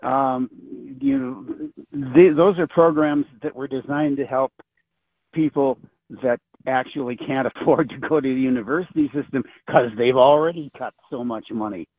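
A man's voice: mid-range voice, vocal fry, dry recording. An older man calls in over a thin, phone-like line, his voice dry and close. He rants with sarcasm, stumbling through restart after restart as he makes his point. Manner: halting, many restarts, sarcastic ranting. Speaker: caller. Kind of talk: call-in radio talk.

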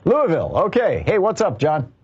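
A man hosting a call-in radio show, measured and agreeable, thinking aloud with hedges. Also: fairly high pitch, huge pitch swings, darkish tone, lo-fi sound, a little hiss or hum.

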